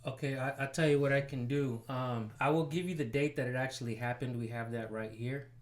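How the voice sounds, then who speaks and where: A man's voice: medium pitch, fairly even intonation, fairly quick. A man hosting a citizen journalism channel, commenting casually and pressing a sheriff's station by phone. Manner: casual, rambling, filler-heavy.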